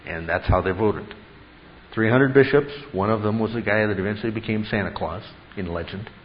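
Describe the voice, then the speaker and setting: A man's voice: on the low side, fairly quick, muffled recording, a little hiss or hum. A man teaching a Bible class in a classroom, emphatic and full of rhetorical questions to his students.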